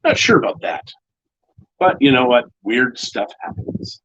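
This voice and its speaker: A husky, slightly breathy middle-aged man spins a joking story while co-hosting a relaxed chat. The sound is dull and lo-fi, like a streamed broadcast. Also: medium pitch, measured pace. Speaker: co-host. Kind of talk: casual chat.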